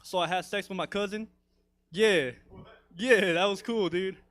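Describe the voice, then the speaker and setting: A man's voice: high-pitched, unhurried, fairly bright tone. Rambling, profane stand-up guy. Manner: profane, rambling, lots of "dude" and "you know". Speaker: stand-up comedian. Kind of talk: stand-up storytelling.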